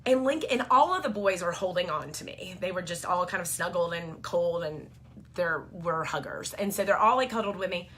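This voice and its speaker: A woman's voice: fairly low pitch, expressive, moderate pace, sharp tone, a little hiss or hum. A woman, chatting to camera about her family in a rambling, filler-heavy way. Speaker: vlogger and mom. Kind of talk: casual storytelling to camera.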